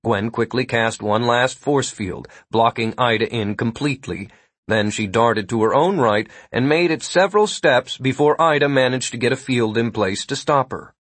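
A man narrates a fantasy story in a husky, slightly breathy voice at a middling pitch. His reading is measured and even. The recording is dry and close, with no room sound. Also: dry recording. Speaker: audiobook narrator. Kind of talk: scripted narration.

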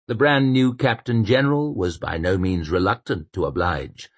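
A man reading fiction aloud as an audiobook narrator, measured and expressive. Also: low-pitched, dry recording. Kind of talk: scripted narration.

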